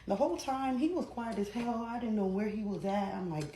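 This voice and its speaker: A woman chatting casually in a storytime vlog, animated and profane, jumping between loud bursts and low asides. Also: brisk. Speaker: storytime vlogger. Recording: echoey room with faint noise.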